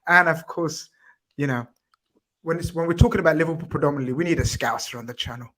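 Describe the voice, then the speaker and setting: Man, podcast host, chatty, teasing, fairly high voice. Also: fast, a bit bright. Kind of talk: casual football chat.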